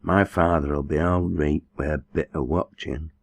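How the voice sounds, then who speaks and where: A man's voice: very deep voice, steady tone, unhurried, creaky, full character voice. A man voicing a proud, troubled young farm woman who speaks curtly and sharply in a storybook reading. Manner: curt and sharp.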